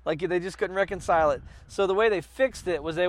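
A man co-hosting a podcast in casual chat, rambling with many fillers and bursting into loud impressions. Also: high-pitched, fast, no echo. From United States. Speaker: podcast co-host.

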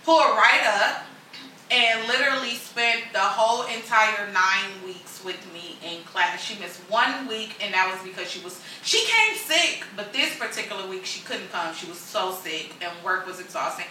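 A woman chatting casually, telling an animated story full of acted-out quotes and slang. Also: medium pitch, normal speed, slight background noise. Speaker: guest telling a friendship story. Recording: echoey room, far from the mic.

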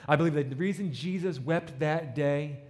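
Speaking at normal speed in a slightly high voice, a man preaches with long reverb from the hall behind him. He dramatizes a story, performing the characters' voices and rising to emphatic climaxes.

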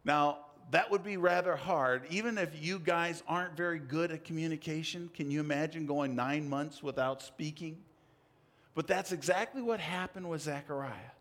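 A man preaching a sermon, telling a story dramatically with big swings in pitch and loudness. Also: moderate pace.

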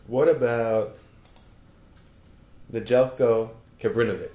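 Deadpan man in an echoey room. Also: medium pitch, slow pace, slight background noise. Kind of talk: joking conversational banter. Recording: roomy echo.

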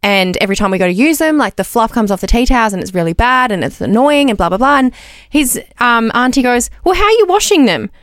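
A woman's voice: fairly high pitch, fast, few pauses, no room sound, clean studio sound. A young Australian woman co-hosting a podcast, telling a story in casual chat and acting out the quotes. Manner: animated storyteller, acts out quotes. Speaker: podcast co-host.

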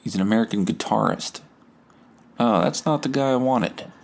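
Low-voiced, profane man. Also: expressive, normal speed, creaky, slight background noise. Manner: profane, rambling, stammering. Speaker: podcast host. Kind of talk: solo podcast rant.

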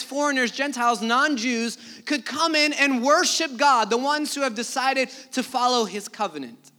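A man delivers a sermon with a high, bright, forceful voice. He talks conversationally, slipping into acted-out asides and vivid retellings as he preaches. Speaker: pastor.

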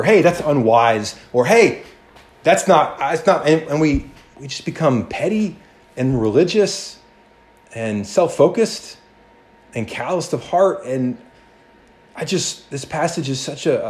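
A male pastor with a mid-range voice preaches a sermon in an animated, conversational manner, often restarting and acting out quotes.

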